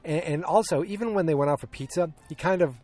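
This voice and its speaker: A man's voice: on the high side, quick pace, a little mellow, faint music behind. A man hosting a podcast, casually recapping a film in a rambling, hesitant way, full of ums and restarts, and acting out the quoted lines. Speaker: podcast host.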